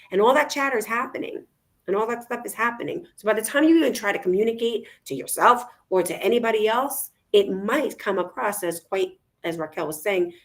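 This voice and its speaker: A woman co-hosting a casual talk show, speaking energetically and encouraging her listeners. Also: mid-range voice. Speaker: co-host. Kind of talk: casual chat.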